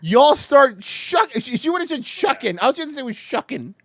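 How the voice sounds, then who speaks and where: A podcast host in casual, profane commentary on a show clip, animated and rambling, often laughing. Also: high-pitched, fast, dry recording. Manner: animated, rambling, laughs a lot, swings loud and soft.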